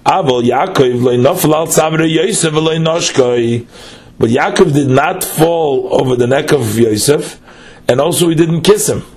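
A man's voice: fairly high pitch, measured pace, a little mellow. A man, teaching a text study lesson: he reads phrases aloud, then explains them line by line with patient questions.

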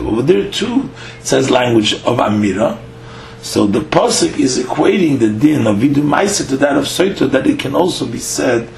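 A man's voice: mid-range voice, gravelly. A man giving a Talmud lesson, reading each line aloud, then explaining it in English with frequent "uh" fillers. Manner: reads Aramaic lines then explains, with halting fillers. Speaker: Talmud teacher. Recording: echoey room with faint hum.

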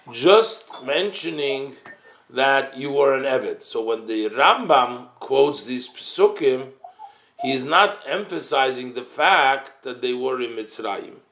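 A man's voice: medium pitch, a bit bright. A man teaching a text study class, reading Hebrew phrases and explaining them in English. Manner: unhurried, careful explaining. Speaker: Torah teacher.

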